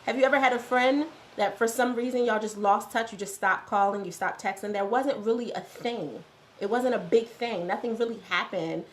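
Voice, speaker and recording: A woman's voice: a little high, normal speed. A woman hosting a morning motivational live stream. She talks conversationally, repeats phrases for emphasis and answers viewers' comments as they come in.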